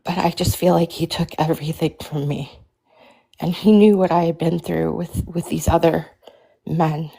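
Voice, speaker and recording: A woman telling her own story over a video call, halting and hesitant, close to tears and struggling to keep her voice steady. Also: low voice, creaky, breathy edge. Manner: halting, hesitant, many restarts and fillers. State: tearful, fighting emotion. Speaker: caller sharing her story. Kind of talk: emotional personal account on a livestream.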